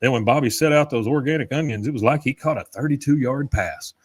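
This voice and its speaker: Casual male podcast co-host, mid-pitched, recaps and laughs at the lines. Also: fast talker. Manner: recaps scenes, reads quoted lines with laughs. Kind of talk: casual episode recap chat.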